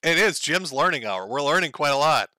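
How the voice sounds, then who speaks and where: A man's voice: on the high side, animated, fairly quick, pushed and bright, no echo. A man hosting a casual livestream, reading chat aloud and joking crudely, often breaking into laughter.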